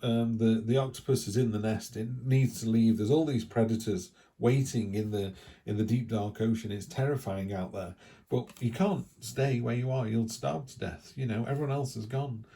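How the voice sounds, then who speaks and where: A middle-aged man giving a casual tarot reading in a chatty, rambling way with animated asides. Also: mid-range voice, normal speed. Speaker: tarot reader.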